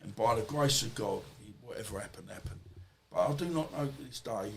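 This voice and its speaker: On the low side with vocal fry, this man talks briskly and with lively intonation, a podcast guest in a casual storytelling interview. He rambles, swears freely and acts out quoted dialogue from his own stories. The recording is rough, with a little hiss or hum.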